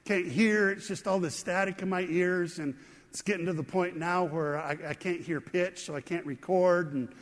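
A man's voice: sits high, fairly even intonation, moderate pace, close to an everyday voice. A man voicing a weary middle-aged male singer who is losing his hearing, speaking in a subdued, resigned way. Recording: long hall reverb.

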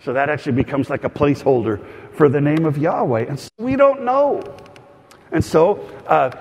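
A man's voice: a little high, slight background noise. A man preaching as a pastor, teaching in a conversational way with humorous asides and frequent fillers and restarts. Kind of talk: teaching sermon. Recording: long hall reverb.

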